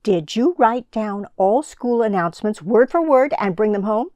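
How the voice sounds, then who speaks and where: A woman voicing a strict, bossy father in a storybook, firing off a string of quick orders and scolding questions. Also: mid-range voice, expressive, darkish tone, dry recording, lightly acted. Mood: nagging. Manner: rapid-fire scolding, commanding.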